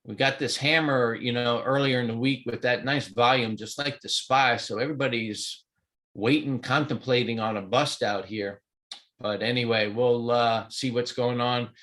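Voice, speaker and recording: A man with a sniffly, stuffy nose talks through a live trading session in a loose, rambling way. His voice sits at an ordinary middle pitch, full of "um"s and "you know"s. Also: fairly even intonation, normal speed, a bit bright. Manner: casual, rambling, chatty with fillers. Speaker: trading mentor. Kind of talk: live market walkthrough. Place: home in Hawaii.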